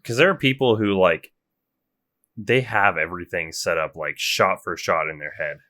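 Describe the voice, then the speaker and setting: Deep, bright-toned young man chatting. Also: normal speed. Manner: chatty, trails off and restarts, self-described gamer. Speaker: podcast co-host. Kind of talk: casual chat.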